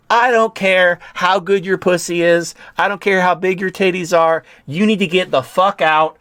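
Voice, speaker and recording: A man's voice: on the high side, fairly bright tone, no echo. A man hosting an online commentary show, ranting in a profane, heated way.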